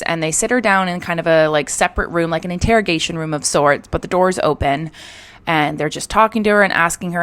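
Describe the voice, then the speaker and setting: A young woman hosting a true crime show. She retells the case in a casual, chatty way, full of "like" and "you know.". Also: fairly low pitch.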